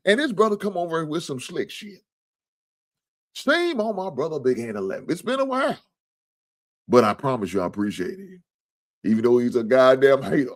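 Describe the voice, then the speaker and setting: A man hosting a casual sports talk livestream, joking, swearing freely and thanking viewers for donations. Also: a little high. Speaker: sports talk show host.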